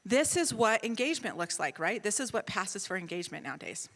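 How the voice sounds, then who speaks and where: A middle-aged woman on a conference panel, telling a story in an animated, self-mocking way and acting out the dialogue. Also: medium pitch, brisk, big-room sound. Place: large conference hall.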